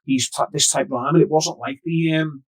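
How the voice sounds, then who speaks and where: A man's voice: a little high, steady tone, fairly quick. A man, a DJ guest telling rambling, sweary stories with many restarts in casual podcast chat. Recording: distant doubled mic.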